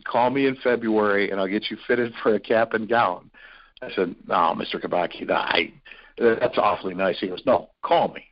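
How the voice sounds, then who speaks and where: A man's voice: lowish voice, moderate pace, highs cut off. A man from Ohio, a podcast guest, telling personal stories in an earnest, rambling way with many fillers and restarts. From Ohio, USA. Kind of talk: storytelling in a podcast interview.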